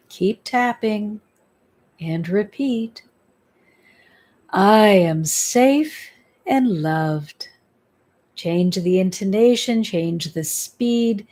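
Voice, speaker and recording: A woman's voice: on the low side, dark tone. A woman leading a guided tapping meditation. She speaks in a soothing, instructive way and repeats affirmations for the listener to say back. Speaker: spiritual healer leading a guided exercise.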